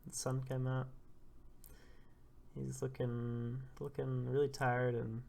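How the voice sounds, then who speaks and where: Narrating a comic chapter live, this host keeps laughing, blurting out reactions and sounding animated. His voice is medium-pitched, slow and creaky.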